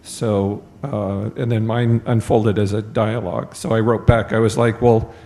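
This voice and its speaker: A man's voice: lowish voice, flat delivery, measured pace, dark tone. A man sharing a rambling, self-deprecating story with his group, with many fillers. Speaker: retreat participant.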